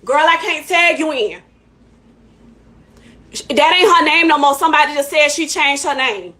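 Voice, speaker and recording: A woman's voice: sits high, moderate pace, bright, forceful tone. A woman hosting a live stream in casual chat, heated and emphatic, repeating her points. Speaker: livestream host.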